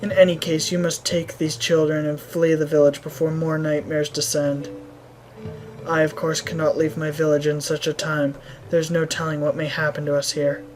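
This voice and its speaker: Woman doing a solemn fatherly shaman, Italian-accented, low voice, game music behind. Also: level tone, normal speed, darkish tone, close to an everyday voice, poor audio. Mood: grave. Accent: Italian, put on. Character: solemn male village shaman, fatherly and grave.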